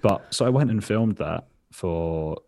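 Low, husky man chatting. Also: expressive, unhurried, a little mellow, dry recording. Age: 30s. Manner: rambling, self-mocking, laughs often, swears casually. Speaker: podcast guest. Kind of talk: casual interview chat.

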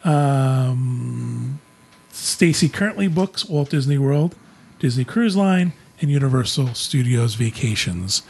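Husky-voiced man hosting a podcast. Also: medium pitch, takes it slowly. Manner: relaxed, friendly, wraps up the show. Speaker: podcast host, travel agent. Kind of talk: casual podcast chat.

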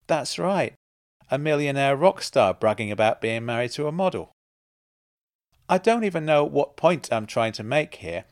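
A man's voice: mid-range voice, dry recording, studio quality. A man reading his own first-person story in a reflective, wry manner. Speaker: narrator and author.

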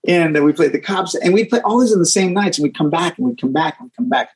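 A man, a guest musician, telling stories in a casual interview, animated and often repeating words as he acts out what people said. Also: on the high side, fast, husky, low-quality recording.

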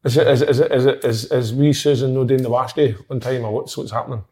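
Scottish man, mid voice, rapid and reflective. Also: mid-range voice, steady tone, mellow. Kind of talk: casual football chat.

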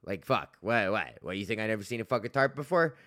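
A man's voice: fairly low pitch, lively intonation, fast, fairly bright tone, dry recording. Profane, rambling man. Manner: profane, filler-heavy storytelling, laughing at his own jokes. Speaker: podcast host and stand-up comedian. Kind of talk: casual rambling monologue.

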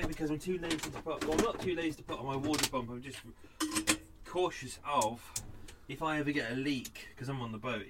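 A man's voice: medium pitch, background noise. A man hosting a podcast, chatting casually and unscripted while making tea on his boat. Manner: rambling, chatty, yawning, talking while doing chores. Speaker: podcast host. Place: narrowboat cabin.

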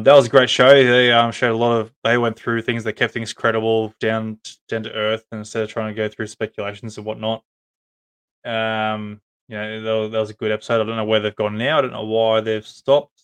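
A man's voice: lowish voice, clear, resonant tone. A man with an Australian accent hosting a podcast live stream, chatting casually and rambling with many ums and restarts. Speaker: podcast host.

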